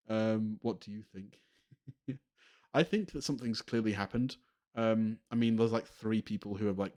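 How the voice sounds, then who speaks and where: A man's voice: lowish voice, a little slow, darkish tone. A man streaming a video game, commenting casually, rambling and laughing often over game music. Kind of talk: casual let's play commentary.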